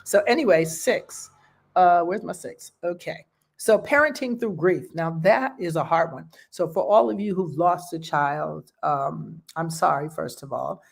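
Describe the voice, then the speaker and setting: A woman's voice: on the low side, lively intonation, a little slow, creaky. A woman hosting a show, talking in a casual, heartfelt way and often checking in with "okay?" and "you know". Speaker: host.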